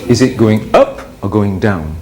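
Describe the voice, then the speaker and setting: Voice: medium pitch, animated, measured pace, crowd noise. A teacher drilling pronunciation in class, with a voice that swings up and down a lot as it models rising and falling phrases. Students can be heard around them in the room.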